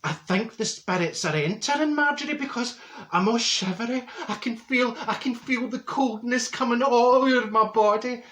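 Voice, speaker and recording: Man doing a high-pitched Glaswegian spirit medium, theatrical and slow, in an echoey room. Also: a bit bright. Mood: dramatic. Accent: Glaswegian Scottish. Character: theatrical middle-aged woman psychic, melodramatic. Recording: roomy echo.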